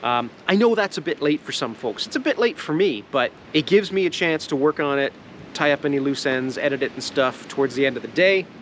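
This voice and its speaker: A man's voice: on the high side, expressive, fairly quick, a bit bright, a little hiss or hum. Rambling Canadian man vlogging outdoors. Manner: rambling, jokey, laughs often, swears casually. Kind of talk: casual outdoor vlog chat. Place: outdoors in the woods at a sap boil.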